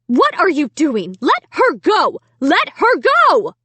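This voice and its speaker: A furious, panicking mother, as a woman reads her shouts her demands with sharp swings of pitch. She is heard close and dry in a storybook reading. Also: huge pitch swings, measured pace, dry recording, heavily acted. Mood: frantic. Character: angry frantic mother of a small girl.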